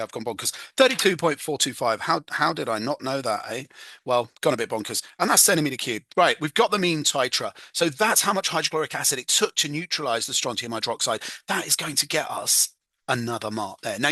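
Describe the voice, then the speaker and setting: A man's voice: mid-range voice, expressive, fairly quick, pushed and bright, no echo. A man talking through an exam question as a chemistry tutor, chatty and self-mocking, humming while he works. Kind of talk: casual exam walkthrough.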